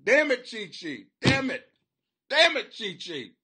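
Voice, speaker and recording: A man hosting a comedy podcast, talking rowdy and profane, often breaking into shouts and silly voices. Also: very high-pitched, very animated, a little slow, husky. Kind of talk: rowdy comic commentary. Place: home basement.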